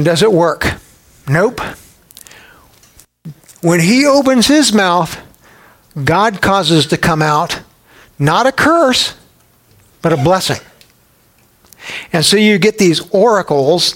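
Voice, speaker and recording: Male pastor, fairly high voice, animated conversational sermon style with playful storytelling. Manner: humorous, conversational.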